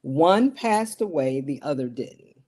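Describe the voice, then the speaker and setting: A woman's voice: low-pitched, lively intonation, takes it slowly, a little mellow, slightly rough. Earnest middle-aged woman broadcaster. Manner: earnest, emphatic, repeats key phrases. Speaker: TV broadcast journalist and guest. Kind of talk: interview conversation.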